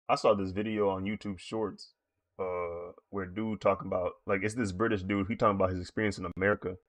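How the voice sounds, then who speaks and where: Casting note: laid-back male streamer who rambles and laughs often; deep voice, dry, close sound. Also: fairly even intonation, brisk, dry recording. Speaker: streaming digital artist. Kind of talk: casual chat while drawing on stream.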